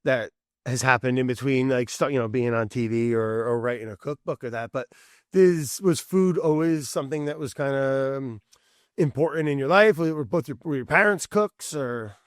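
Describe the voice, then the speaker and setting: A man's voice: medium pitch, moderate pace, no room sound, studio quality. A man hosting a podcast, laid-back and rambling, with many fillers. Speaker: podcast host. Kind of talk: casual interview chat. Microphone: podcast mic.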